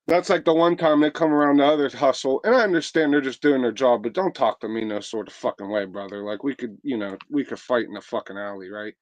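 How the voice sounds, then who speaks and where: Pennsylvania guy, loose cussing storyteller, mid-pitched voice, dry recording. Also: quick pace, hardly any pauses, no room sound, dull audio. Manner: profane, brash, laid-back storyteller. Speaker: podcast co-host. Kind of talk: casual storytelling chat.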